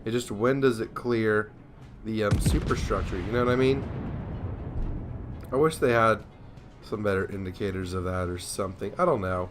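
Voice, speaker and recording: A man's voice: lowish voice, normal speed, long pauses, music in the background. A young man giving casual, rambling commentary over a naval war game, sleepy and yawning, joking at himself. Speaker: gameplay commentator.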